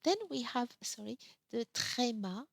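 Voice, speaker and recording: A woman with a French accent teaching a French lesson, slowly repeating each example word with care. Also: a little high, vocal fry, dry recording. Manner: slow, careful, repeats example words. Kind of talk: classroom lesson.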